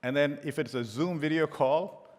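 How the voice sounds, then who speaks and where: A man's voice: a little high, normal speed, a little mellow. A middle-aged man giving a conference keynote as a tech executive, telling joking anecdotes with frequent restarts. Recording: long hall reverb.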